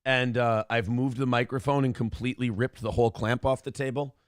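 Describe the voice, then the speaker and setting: A man's voice: medium pitch, steady tone, fairly quick, no room sound, clean studio sound. A man hosting a casual morning show, ranting with profanity and self-deprecating humor. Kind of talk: casual podcast rant and chat. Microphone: headphones and clamp-mounted desk microphone.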